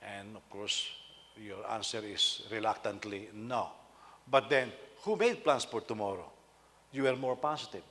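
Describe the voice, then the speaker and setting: A man's voice: lowish voice, unhurried, fairly bright tone, long reverb tail. A man, a senior pastor, preaching a conversational sermon and often putting rhetorical questions to his listeners.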